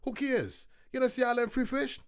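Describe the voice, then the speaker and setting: A woman's voice: high voice, fairly even intonation, normal speed, natural voice. A woman playing a brash, greedy father in a comedy sketch. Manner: brash, grabbing. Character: greedy careless Caribbean father.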